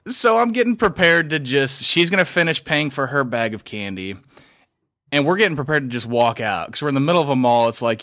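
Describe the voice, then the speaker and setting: A young man casually telling a story on a podcast, animated, swearing and acting out what people said. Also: on the high side, normal speed, no room sound, clean studio sound. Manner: animated, swears, acts out quotes.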